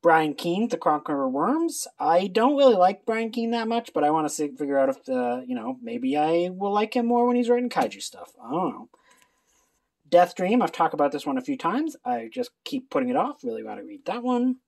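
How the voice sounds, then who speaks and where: A book video creator chatting casually through a reading list, talking in an animated way with many quick asides. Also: mid-range voice.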